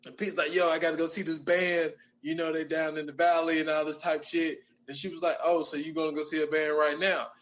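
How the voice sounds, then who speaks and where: A man's voice: on the high side, little pitch movement, brisk, fairly bright tone, highs cut off. A man on a podcast, animatedly retelling movie scenes in casual chat and laughing often. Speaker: podcast co-host.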